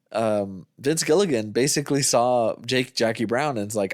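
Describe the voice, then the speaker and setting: A man's voice: mid-range voice, moderate pace, few pauses, a little mellow, no echo, clean studio sound. A man co-hosting a movie review podcast in casual chat, rambling as he retells scenes and swears freely. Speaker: podcast co-host.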